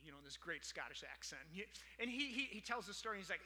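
A man's voice: high-pitched, very animated, quick pace, pushed and bright. A man preaching a conversational sermon, telling stories with lots of filler words. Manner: storytelling, chatty with many fillers. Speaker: pastor. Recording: long hall reverb.

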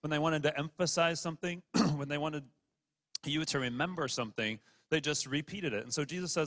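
A pastor preaching a sermon in a relaxed, conversational way, often stumbling over and repeating his words. His voice sits a little high for a man. The sound rings out with a long reverb, like a large church hall. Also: fairly quick.

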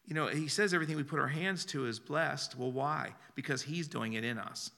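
A man's voice: mid-range voice, brisk, creaky, sharp tone. A man pastor preaching a sermon in a conversational way, often laughing and restarting his sentences.

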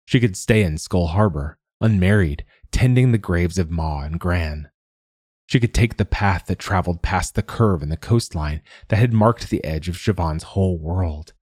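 A male audiobook narrator reads a fantasy story with measured pacing. His voice sits low and husky, with a close, dead, booth-dry sound. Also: darkish tone, no room sound. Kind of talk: scripted narration.

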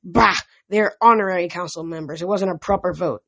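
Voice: medium pitch, brisk, gravelly, a bit bright, no echo, highs cut off. A reader voicing a fussy, blustering, very old and fat male satyr in a pompous, huffy manner for an audiobook. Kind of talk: audiobook reading.

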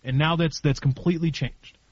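A man's voice: on the high side, fairly even intonation, moderate pace, breathy edge, no room sound. A man talks earnestly to a friend, blunt and repetitive as he works through his point. The sound is dry and close, with a slightly muffled, lo-fi tone. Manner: blunt, repeats and restarts while making a point. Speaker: friend giving advice. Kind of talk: earnest group conversation.

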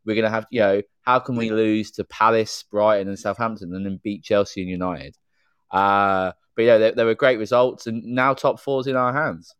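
A man's voice: lowish voice, fairly even intonation, normal speed, fairly bright tone, clear, resonant tone, no room sound. Chatty man on a dry remote call. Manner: chatty, fluent opinions with many "you know" fillers. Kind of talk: casual podcast chat.

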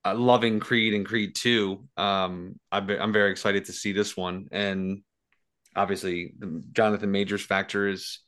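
A man's voice: on the low side, level tone, normal speed, a bit bright. A man on a podcast, musing loosely about film franchises with many fillers. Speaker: podcast co-host. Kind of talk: casual film discussion.

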